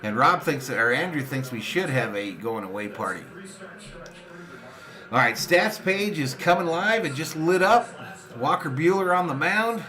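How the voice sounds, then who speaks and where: Bright-voiced man calling a live fan watch party. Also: unhurried. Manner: reads viewer comments aloud between excited pitch calls. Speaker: sports fan streamer and watch-party host. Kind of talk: live fan play-by-play with chat reading.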